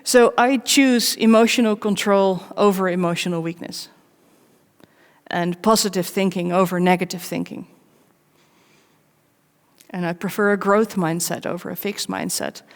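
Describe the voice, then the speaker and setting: A woman's voice: medium pitch, fairly even intonation. Woman speaking in a reverberant hall. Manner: candid and personal, with wry self-mocking asides; measured, pausing between short phrases. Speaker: conference speaker. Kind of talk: live conference talk. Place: large conference hall. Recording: long reverb of a big hall.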